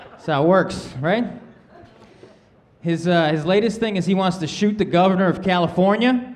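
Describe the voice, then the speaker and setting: A man in his thirties works a comedy stage with an easygoing, conversational delivery, his voice sitting fairly high for a man. He keeps tossing little asides to the crowd as he talks into a handheld mic. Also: brisk. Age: 30s. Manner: laid-back, conversational, peppers lines with "man" and "right?". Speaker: stand-up comedian. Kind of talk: stand-up comedy set. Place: comedy stage before a live audience.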